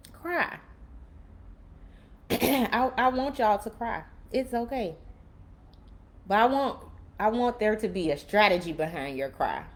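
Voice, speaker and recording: Woman on a live stream, cussing, preaching to viewers, kinda low voice. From Chicago, USA. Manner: blunt, profane, preacherly. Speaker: livestream host. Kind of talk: casual livestream talk to viewers.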